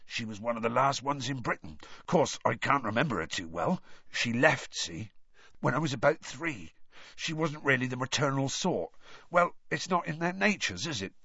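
A husky, rough-spoken half-giant, as a male storyteller puts him on, big and gentle, folksy and heartfelt, raised a little above the reader's own pitch. His speech swings up and down with feeling. The audiobook recording is dull and lo-fi, with a dry sound. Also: lively intonation, normal speed, no echo, heavily acted. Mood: confiding.

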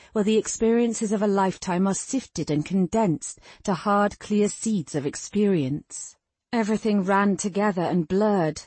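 A woman narrating a fantasy novel in an even, measured storytelling manner. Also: medium pitch, husky, dry recording. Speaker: audiobook narrator. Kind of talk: scripted narration.

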